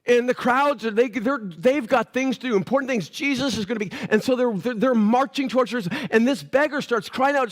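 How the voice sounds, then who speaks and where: A man preaching a sermon as pastor, telling the story in a casual, animated way with playful voices for the characters. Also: very high voice, a little fast, few pauses. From Canada.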